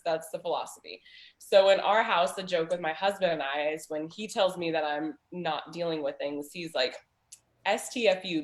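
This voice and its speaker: A woman's voice: on the low side, roomy sound. Chatty woman on a video call. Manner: chatty storyteller, many "like" fillers, laughs often. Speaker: host of a small business community chat. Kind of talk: casual video chat.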